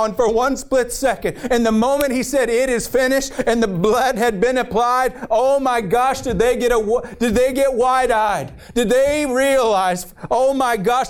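A middle-aged man delivers a fiery sermon in a high voice for a man. He preaches with emphatic drive and sounds fired up, pressing his points hard. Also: measured pace, hardly any pauses, clean tone.

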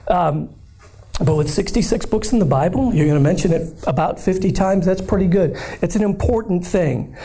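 A hoarse man giving an animated, joking sermon-style talk as a guest speaker at a church, often checking in with the room. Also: high-pitched, moderate pace. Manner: animated and conversational, often asking the room "right?"; bold, upbeat and joking. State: hoarse, voice nearly gone.

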